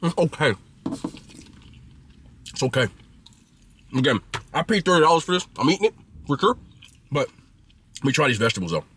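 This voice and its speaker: A man's voice: a little high, sing-song, fast talker, long pauses, fairly bright tone, a little hiss or hum. A man casually reviewing food he is eating, chatty and blunt, with loose slangy talk.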